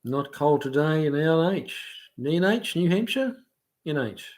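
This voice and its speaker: A New Zealand man hosting a casual livestream, easygoing and chatty, often laughing and pausing on fillers as he reads out viewer comments. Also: a little high, lively intonation, darkish tone. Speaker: livestream host. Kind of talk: casual live chat, reading out viewer comments.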